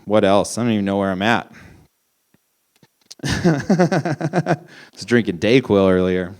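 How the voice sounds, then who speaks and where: A man's voice: fairly low pitch, very animated, slow, darkish tone. A young man performing a stand-up comedy set, ranting incredulously with lots of swearing. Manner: profane, incredulous, ranting punchlines.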